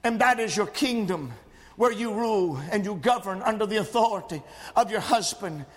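A man preaching a sermon in a church, with a preaching cadence, frequent "uh" fillers and climbs into shouting. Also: high-pitched, lively intonation, moderate pace, big-room sound. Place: church sanctuary.

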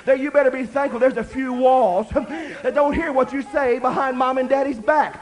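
An older man preaching a sermon, swinging between loud shouting and quiet talk. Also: very high-pitched, steady tone, fairly quick, poor audio. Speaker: pastor.

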